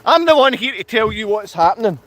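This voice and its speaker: A man with a piercing, very high voice rants at his viewers in a livestream. He hurls insults and yells as he talks, tense and forceful throughout. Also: lively intonation, fairly quick. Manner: ranting, insulting, yelling at viewers. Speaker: vlogger. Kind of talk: angry livestream rant. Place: outdoors in his town.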